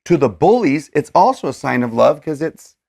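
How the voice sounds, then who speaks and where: A man co-hosting a casual scripture discussion, animated and acting out the verses in voices. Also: fairly high pitch, moderate pace, vocal fry. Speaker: co-host of a scripture study show. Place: indoors with a board.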